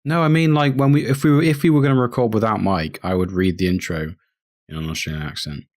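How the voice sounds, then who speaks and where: A man co-hosting a gaming podcast, self-deprecating and quick to laugh. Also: on the low side, fairly even intonation, a little mellow. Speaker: podcast co-host. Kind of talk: casual podcast chat.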